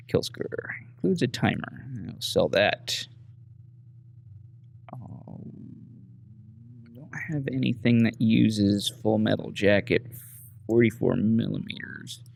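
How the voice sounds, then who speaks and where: Gravelly man's casual gameplay commentary. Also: on the low side. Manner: casual, reads menu text aloud, muttering asides. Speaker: gameplay host. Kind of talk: casual let's-play commentary.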